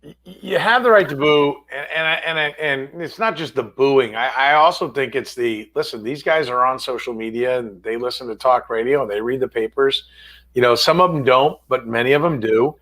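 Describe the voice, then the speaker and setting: A man's voice: medium pitch, normal speed, a bit bright. A man co-hosting a late-night sports podcast, talking in a sarcastic, profane way. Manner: sarcastic, profane, mock-quoting players. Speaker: podcast co-host.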